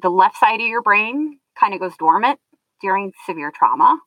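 A woman's voice: medium pitch, lively intonation, normal speed, no room sound. A woman guest in a conversational interview, earnest and explanatory, often looping back mid-thought. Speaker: guest sharing her story. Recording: dull lo-fi sound.

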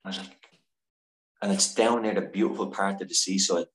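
A man with a deep, low voice tells a candid personal story as a podcast guest. He is earnest and emotional, swears freely and trips over his own sentences. The sound is roomy and echoey. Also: steady tone, a little fast. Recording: echoey room.

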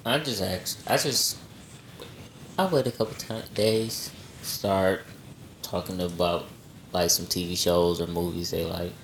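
A man's voice: low voice, steady tone, unhurried, pauses often, roomy sound, slight background noise. A man co-hosting a casual podcast chat, teasing and pressing the others with questions. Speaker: podcast co-host.

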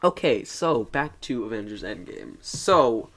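A man's voice: medium pitch, lively intonation, measured pace, hardly any pauses, a bit bright. Young male podcast host, casual and jokey, laughs a lot. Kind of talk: casual chat.

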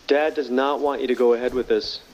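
A man's voice: mid-range voice, steady tone, a little fast, dull audio, a little hiss or hum, close to an everyday voice. An actor playing a sarcastic, defensive brother who keeps the books for his crime family. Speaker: family accountant. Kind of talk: audio drama acting.

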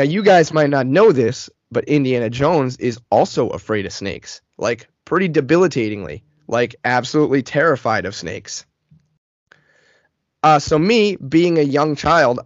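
A man in his thirties, a podcast co-host, telling an animated, profane, self-mocking story in casual chat. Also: medium pitch, dry recording, lo-fi sound. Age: 30s.

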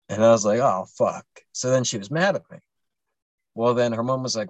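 A young man spins a long, rambling story, full of swearing and filler words. His voice sits at an ordinary pitch for a man. The sound is dry and close, with no room echo. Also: fairly quick. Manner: rambling, profane, many fillers. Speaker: podcast host. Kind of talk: casual storytelling.

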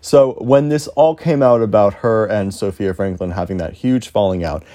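A man's voice: lowish voice, moderate pace, mellow. A young man talking alone on his podcast, rambling and self-deprecating, swearing freely as he thinks aloud. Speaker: podcast host. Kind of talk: casual solo podcast monologue.

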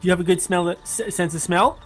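A man playing a tabletop game in an excitable, chatty way, often exclaiming. His voice is a little high, with faint music behind him. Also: brisk. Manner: excitable, laughing, says oh my gosh often. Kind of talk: casual game play.

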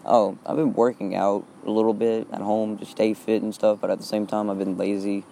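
A man's voice: fairly low pitch, little pitch movement, fairly quick, vocal fry, dark tone, a little hiss or hum. A teenage boy from Texas rambling through a solo podcast, hesitant and full of fillers, recorded outdoors. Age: teens. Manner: hesitant, repeats fillers often. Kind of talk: rambling casual monologue. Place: outdoors in wind.

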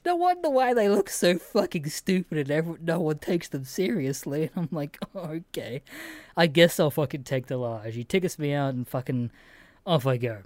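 A man's voice: animated, moderate pace, dry recording, studio quality. Ranting, swearing young man. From Australia. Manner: swears constantly, ranting and exasperated; mimics others in a higher, louder voice. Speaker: podcast host. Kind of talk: casual solo podcast storytelling.

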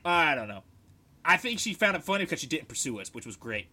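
Lively, bright-voiced young man telling stories. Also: on the high side, fast talker. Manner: animated, swearing, shouting out quoted lines. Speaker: podcast co-host, military veteran. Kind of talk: casual storytelling chat.

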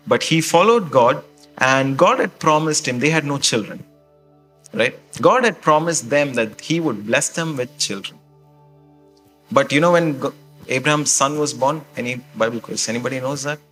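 A man's voice: medium pitch, moderate pace, fairly bright tone, soft background music. A male pastor preaching a sermon in a conversational way, often checking in with the congregation with questions and "okay?".

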